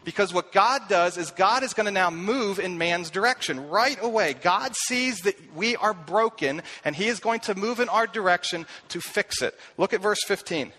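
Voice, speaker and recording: A man preaching a sermon, telling the story with animated delivery and acting out the voices he quotes. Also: high voice, moderate pace, hardly any pauses. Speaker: pastor.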